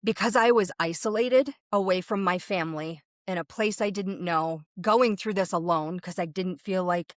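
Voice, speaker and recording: A woman's voice: lowish voice, no room sound, studio quality. A woman who works as a medium, a guest in an interview, vividly recounting a personal experience. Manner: vivid storytelling, speeding up and slowing down with the story.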